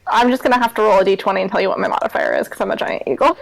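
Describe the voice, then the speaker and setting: A woman player in a tabletop game, quick and chatty in casual talk. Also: mid-range voice, gravelly, poor audio. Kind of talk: casual chat around a game.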